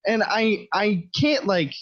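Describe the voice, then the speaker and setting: A man's voice: high voice, expressive, slow pace, fairly bright tone, no room sound, dull audio. A man in his twenties co-hosting a podcast, telling crude stories in casual, profane, exasperated chat. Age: 20s. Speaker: podcast co-host.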